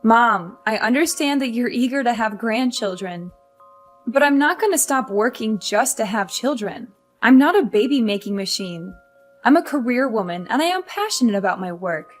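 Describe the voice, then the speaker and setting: A woman's voice: on the high side, expressive, normal speed. An actress playing a frustrated young career wife who complains about her mother-in-law, over faint music. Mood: pleading. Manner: upset, complaining.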